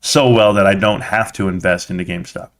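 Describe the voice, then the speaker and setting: A man's voice: low voice, steady tone, fairly quick. A chatty, blunt man hosting a live stream. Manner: chatty storyteller, slangy and blunt. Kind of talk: casual live stream chat.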